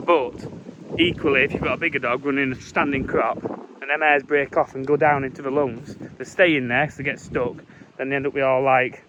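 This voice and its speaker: A young farmer talks in a loose, rambling way as he walks outdoors, calling after his dog now and then. His voice is bright and clear at a middling pitch. A faint hiss of wind sits behind him on the handheld recording. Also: dull audio. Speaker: farmer vlogger. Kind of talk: casual walking vlog. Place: outdoors in windy farm fields.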